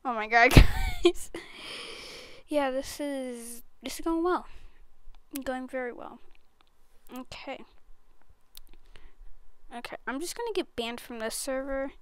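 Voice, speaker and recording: A woman's voice: sits high, sing-song, slow, pauses often, smooth, dry recording. A woman giving casual, silly gameplay commentary, often breaking into giggles. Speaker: gaming YouTuber.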